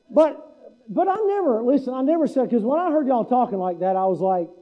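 A man's voice: very high voice, very animated, brisk, dull audio. A middle-aged man preaching a sermon to his congregation in a folksy way, imitating the local speech of his listeners. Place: church hall.

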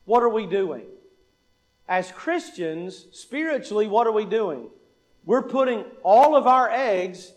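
A man preaching a sermon, asking the congregation questions and answering them himself, and repeating lines for emphasis. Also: sits high. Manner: acts out quoted dialogue in an anecdote.

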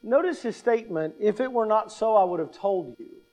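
A middle-aged pastor preaching a sermon, deliberate and emphatic, repeating key phrases and posing rhetorical questions to his listeners. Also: high-pitched, expressive, darkish tone.

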